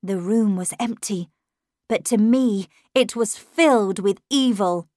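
A woman narrating a classic ghost story as an audiobook in the first person, with measured, expressive delivery on a close studio mic. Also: a little high, no room sound. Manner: measured and expressive, dramatic at tense moments.

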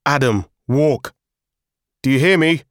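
A man playing a frightened middle-aged father who shouts urgent commands in an audiobook. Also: mid-range voice, slow, no echo, clean studio sound, pitched above the performer's own voice, close to an everyday voice. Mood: urgent commanding. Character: panicked middle-aged father giving orders.

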